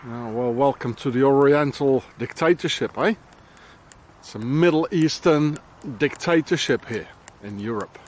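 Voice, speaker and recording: A man's voice: medium pitch, measured pace, darkish tone. A man vlogging on a walk around town, rambling in a conspiratorial way as he points things out to a handheld camera. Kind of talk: walking commentary to camera.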